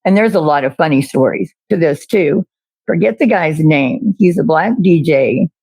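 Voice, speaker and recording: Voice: medium pitch, animated, normal speed, a little mellow, husky, dry recording. A guest in casual chat who tells rambling stories.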